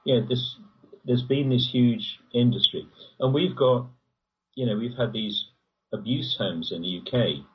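Very husky man, distant lo-fi. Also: a little slow. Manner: rambling, animated, pitch jumps when emphatic. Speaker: guest. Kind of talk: conversational interview. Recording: distant, dull lo-fi audio.

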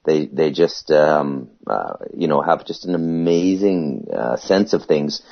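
A man from Canada in a casual group chat, speaking thoughtfully with many pauses. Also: rumbling low, lively intonation, creaky. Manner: hesitant, thoughtful. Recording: dull lo-fi audio.

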